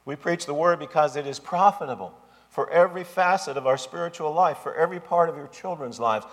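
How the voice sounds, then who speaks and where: A man's voice: fairly high pitch, a little fast. A man preaching a sermon as pastor, with an emphatic, repetitive cadence. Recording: long hall reverb.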